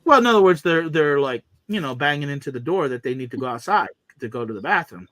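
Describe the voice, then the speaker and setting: A man's voice: a little high, expressive, fast, fairly bright tone, no echo. A man with a slightly raised voice tells a winding story in casual chat. He keeps restarting his sentences and trailing off into asides. The sound is close and dry. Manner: rambling storytelling with many restarts.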